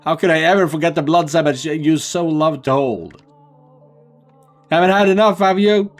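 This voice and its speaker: A man reading the lines of a tortured young woman from a game, shouting with rising fury. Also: low voice, level tone, moderate pace, faint music behind. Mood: bitter rage. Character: tortured young woman saint, enraged and vengeful.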